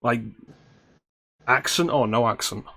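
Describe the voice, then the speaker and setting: A man's voice: mid-range voice, a little slow, bright, forceful tone. A man co-hosting a casual streamed chat, wry and joking as he plans a script reading. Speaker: podcast co-host.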